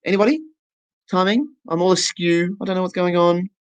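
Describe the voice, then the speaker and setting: Poor audio captures a fairly quick, mid-range voice: a stand-up performer with an Australian accent, voicing a deaf comedian's set on an online festival stage. They spin a self-mocking comic story and act out the voices.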